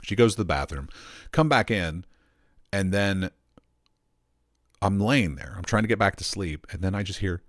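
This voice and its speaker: Man, deep voice, lively swings in pitch, profane, rambling, casual home rant. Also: moderate pace, long pauses, no echo, studio quality. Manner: profane, rambling, animated storytelling. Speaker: streamer. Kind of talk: casual ranting monologue.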